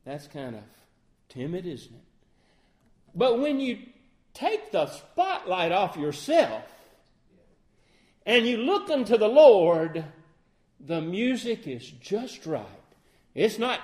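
Middle-aged guy giving a sermon, earnest, high-ish voice, acts out example lines. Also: big pitch swings, takes it slowly, a little mellow. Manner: earnest, asks the listeners questions, acts out sample phrasings. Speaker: lay preacher.

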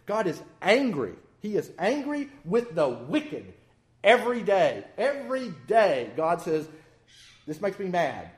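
A man preaching a sermon in a folksy, animated way with self-deprecating humor. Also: high voice.

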